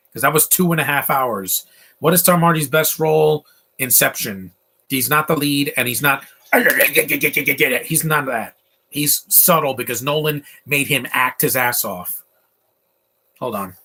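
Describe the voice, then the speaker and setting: A man talks over a film he is watching at home, tossing out strong opinions and wandering asides between fillers. His voice is bright and forward, with a husky, slightly rough edge. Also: mid-range voice, animated, unhurried, long pauses. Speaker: film commentator. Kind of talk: casual live movie commentary.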